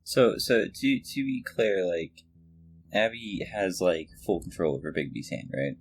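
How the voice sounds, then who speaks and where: Player with a very deep, swooping voice, unhurried and animated. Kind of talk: playing a tabletop game.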